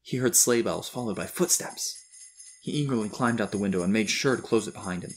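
A man narrating a storybook in a measured, expressive reading. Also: lowish voice, slight background noise.

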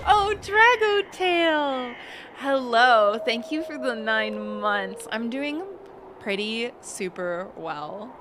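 A woman's voice: fairly high pitch, lively intonation, extremely slow, noisy background. A woman streaming a game, chatting casually, giggling and greeting viewers in chat by name. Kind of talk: casual let's-play commentary.

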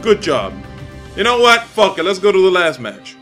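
Young male gamer, swings his pitch up and down, profane trash-talk commentary. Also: normal speed. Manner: profane, trash-talking, animated reactions. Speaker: gaming commentator. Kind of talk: live gameplay commentary. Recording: loud game music behind. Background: game music.

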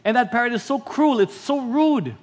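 Filipino pastor guy preaching, fairly high voice, repeats his points. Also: animated, moderate pace. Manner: preaching with told stories and repeated lines. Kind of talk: sermon.

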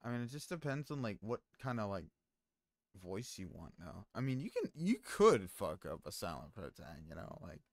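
A man's voice: fairly low pitch, sing-song, normal speed, gravelly, no echo, studio quality. A man streaming, chatting casually with his viewers in a rambling way full of fillers and restarts. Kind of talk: casual stream chat, reading chat aloud.

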